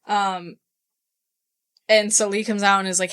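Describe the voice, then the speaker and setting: A woman chatting at a book club, retelling scenes in quick quoted dialogue with plenty of swearing. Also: medium pitch, little pitch movement, fairly bright tone, clear, resonant tone. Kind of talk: casual book club chat.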